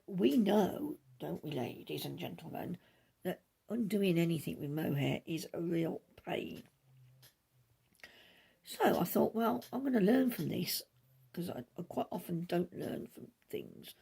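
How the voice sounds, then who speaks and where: Gravelly chatty woman. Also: fairly low pitch, darkish tone. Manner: rambling, chatty, talks quickly with many asides. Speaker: knitting podcast host. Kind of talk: casual chat.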